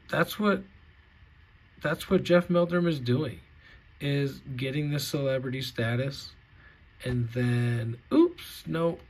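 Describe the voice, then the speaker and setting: A man's voice: mid-range voice, a little mellow, breathy edge. A man ranting in a vlog, angry and sarcastic, swearing heavily. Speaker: vlogger.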